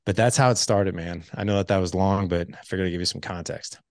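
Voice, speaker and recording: Podcast guest: a deep, gravelly man in his forties, animated storyteller, dry close sound. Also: fast talker, no echo. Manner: animated storyteller acting out quoted dialogue. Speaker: podcast guest, fatherhood coach. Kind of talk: storytelling in casual conversation.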